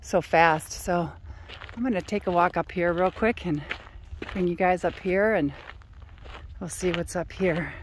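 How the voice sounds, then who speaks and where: A woman's voice: lowish voice, unhurried, long pauses, slight background noise. A woman filming a casual vlog outdoors on a mountaintop, slightly out of breath and chatting to her viewers on a handheld camera. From Arizona. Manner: chatty, talks to her dog. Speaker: vlogger.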